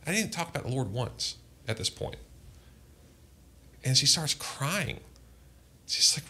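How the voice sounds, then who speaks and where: A man's voice: mid-range voice, lively intonation, measured pace, long pauses, sharp tone, breathy edge. A man, a pastor, telling earnest personal testimony in a podcast conversation. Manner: earnest, impassioned storytelling.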